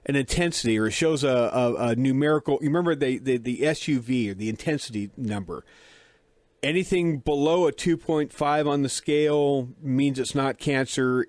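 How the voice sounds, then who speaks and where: A man's voice: mid-range voice, darkish tone, no echo. Chatty man telling a story, dry sound. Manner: chatty, self-deprecating, acts out dialogue. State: dry mouth. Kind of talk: casual storytelling.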